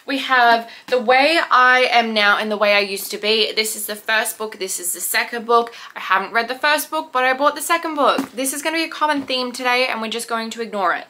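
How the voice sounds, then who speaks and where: A young woman talks casually to her viewers, rambling and poking fun at herself. Her voice sits fairly high and sounds bright and forward. The delivery is loose and conversational, like a relaxed vlog. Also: a little fast, few pauses. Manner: chatty, rambling, self-deprecating. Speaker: book vlogger. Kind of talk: casual chat to camera.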